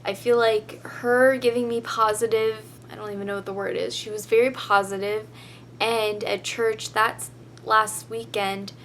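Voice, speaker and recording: A teenage girl tells a story in a casual vlog, chatty and rambling, with "like" dropped into nearly every sentence. Her voice sits at an ordinary middle pitch and sounds close to tears. A faint hum runs underneath. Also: level tone, normal speed, a bit bright. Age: teens. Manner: chatty, rambling with many "like" fillers. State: tearful, emotional. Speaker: vlogger.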